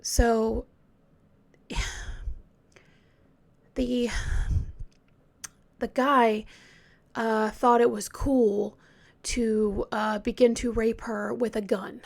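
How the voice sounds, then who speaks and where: A woman telling a true crime story in a casual, hesitant way, often dropping into a hushed whisper. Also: a little high, flat delivery, drawn-out words, creaky, pauses often.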